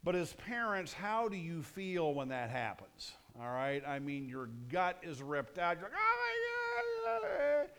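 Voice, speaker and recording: A man's voice: fairly high pitch, lively intonation, unhurried, hardly any pauses, fairly bright tone. Conversational male pastor preaching. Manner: conversational, punchy, asks the audience questions. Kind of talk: sermon.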